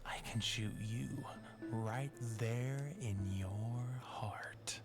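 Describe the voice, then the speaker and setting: A man's voice: medium pitch, very slow. An actor playing an unhinged, armed, paranoid man who accuses in a hissing whisper, from a game. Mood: paranoid threats. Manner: accusing, erratic. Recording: game audio over loud music.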